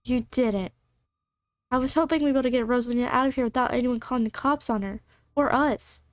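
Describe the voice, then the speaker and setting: A woman's voice: fairly high pitch, quick pace, no echo, studio quality, lightly acted. A woman reading the lines of a nervous young woman in a game, in a jittery, worried way. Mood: wary.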